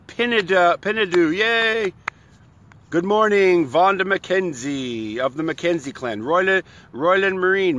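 A man's voice: sits high, bright, forceful tone. A man hosting his own live broadcast, upbeat and a bit hyped, chatting casually and greeting viewers one by one by name. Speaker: live stream host. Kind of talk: casual live-stream chat.

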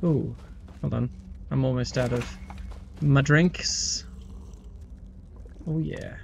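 A man's voice: medium pitch, slow, vocal fry, a little mellow, a little hiss or hum. A male game streamer giving casual, rambling commentary with stammered restarts and swearing.

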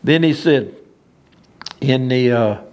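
A man's voice: mid-range voice, slow pace, a little mellow. A man preaching an informal sermon, folksy and emphatic, often laughing at his own lines.

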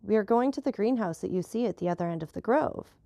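A woman's voice: mid-range voice, animated, fast talker, creaky, dark tone, dry recording, clean studio sound. A woman reading as a sorrowful, pleading countess. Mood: plaintive. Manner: plaintive, pleading.

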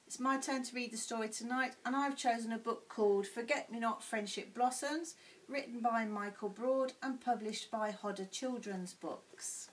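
A woman teacher reading a children's picture book aloud in a clear, expressive bedtime-story way. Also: a little high, normal speed, a little hiss or hum, rough recording. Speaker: primary school teacher.

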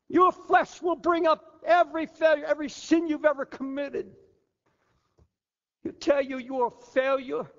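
An older man delivers a fervent sermon from the pulpit in a very high voice. The sound is dull and lo-fi, and a long hall reverb trails each phrase. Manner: fervent preaching, drops low and quiet for the voice of the flesh. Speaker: pastor.

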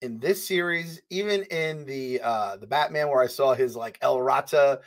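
A man co-hosting a podcast in casual chat, excitable and rambling, swearing freely with lots of fillers. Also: medium pitch, normal speed. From US Northeast. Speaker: podcast co-host.

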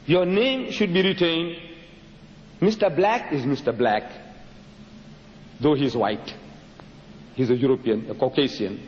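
A man from Africa, giving an emphatic public religious lecture full of rhetorical questions and dramatic pitch swings. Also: animated, normal speed, long pauses, darkish tone, a little hiss or hum. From South Africa. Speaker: Muslim lecturer. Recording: dull lo-fi hall recording, echoey.

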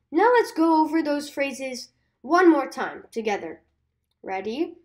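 Female kids' teacher, high and slow, cheery scripted lesson delivery. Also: sing-song. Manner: cheery, slow and deliberate, repeats phrases for listeners to say along. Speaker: French teacher for kids.

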